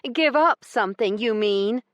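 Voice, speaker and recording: A woman voicing an indignant, quick-tempered young noblewoman with sharp retorts in an audiobook. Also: on the high side, no echo, studio quality, voice pushed up. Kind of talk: audiobook character reading.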